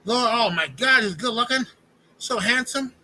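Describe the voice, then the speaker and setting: A man's voice: extremely high pitch, lively intonation, moderate pace, sharp tone, a little hiss or hum, voice pushed up, full character voice. A man mimicking another man who gushes effusively over a handsome boxer. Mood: gushing. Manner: effusive, breathless gushing.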